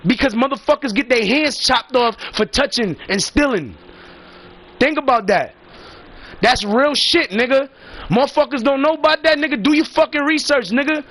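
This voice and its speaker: Man, high-pitched, rambling and profane, emphatic casual storytelling. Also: normal speed, a bit bright.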